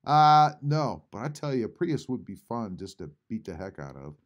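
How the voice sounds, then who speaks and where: A man hosting a casual live stream from home, reading chat messages aloud and answering them with frequent pauses. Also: medium pitch, very animated, muffled recording. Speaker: YouTube channel host reading live chat. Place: home, at a computer.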